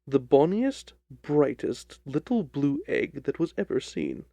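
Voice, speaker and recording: Brief: composed, ironic sleuth, gravelly and dark in tone, dry close recording, read by a man. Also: on the high side, big pitch swings, dry recording, heavily acted. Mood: sly. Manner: measured, dryly ironic. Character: calm, sly, confident male detective. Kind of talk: audiobook reading of a detective story.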